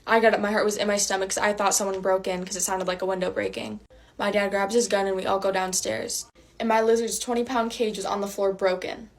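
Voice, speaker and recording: A woman's voice: medium pitch, little pitch movement, fast talker. A text-to-speech woman's voice telling a story in a casual, chatty way.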